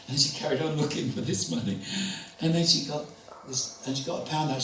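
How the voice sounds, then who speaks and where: A man's voice: fairly high pitch, fairly quick, bright, forceful tone. Older man telling a chatty spiritual story. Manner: chatty, laughing, anecdotal. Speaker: spiritual speaker. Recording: echoey room, distant mic, faint noise.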